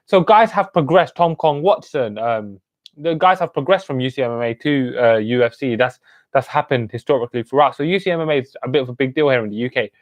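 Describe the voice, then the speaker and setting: A man's voice: medium pitch, no room sound. A man in his twenties hosting a live stream. He chats casually and greets viewers by name with street slang. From United Kingdom. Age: 20s. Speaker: host.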